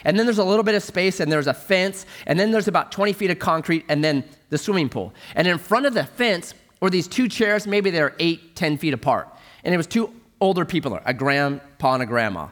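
A middle-aged male pastor preaching a sermon, telling a humorous story in an animated way. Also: high voice, a little fast.

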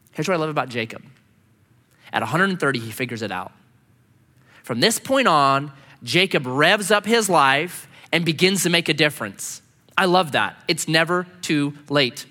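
A man preaching a sermon as a pastor, telling stories with lively, acted-out voices. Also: a little high, big-room sound. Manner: animated storytelling, acting out quoted voices.

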